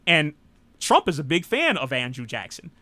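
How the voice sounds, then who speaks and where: Bright high-voiced American man, rambling talk. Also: wildly swooping pitch, moderate pace, no room sound. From United States. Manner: rambling, frequent "you know", blunt and irreverent. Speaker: host. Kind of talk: casual live political talk.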